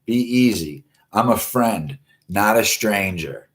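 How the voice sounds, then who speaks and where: A man's voice: lowish voice, expressive, takes it slowly. A man voicing a pushy woman fan who pleads and insists on getting a room. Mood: pleading.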